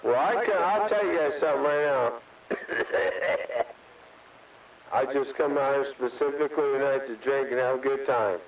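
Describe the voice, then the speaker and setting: A man's voice: mid-range voice, moderate pace. A man joining crude, profane banter on a CB radio channel in a laid-back way. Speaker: CB radio caller. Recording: distant muffled radio with hiss.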